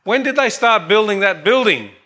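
A man's voice: high-pitched, expressive, normal speed, pushed and bright, pitched above the performer's own voice. A man voicing a boastful American man in a joke, brash and scornful.

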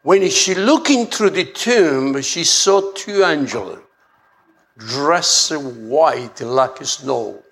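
A man preaching a sermon, halting and often repeating words as he restarts his phrases. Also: a little high, animated, creaky, fairly bright tone, slightly rough.

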